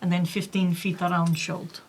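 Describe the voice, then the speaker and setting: A woman playing a tabletop game, talking through her moves in a halting, hesitant way. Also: fairly low pitch, level tone, darkish tone, recorded from a distance. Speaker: player. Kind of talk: casual tabletop play.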